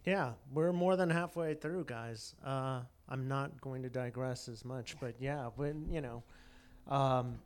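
A man's voice: medium pitch, measured pace. A man chatting casually, telling a story in a digressive, joking way and acting out the quotes. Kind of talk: casual chat.

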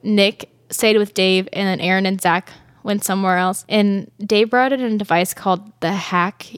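A woman's voice: mid-range voice, steady tone, normal speed, smooth, dry recording, studio quality. Giggly young woman podcast host. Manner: giggly, rambling, many fillers. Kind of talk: casual chat recapping a ghost show.

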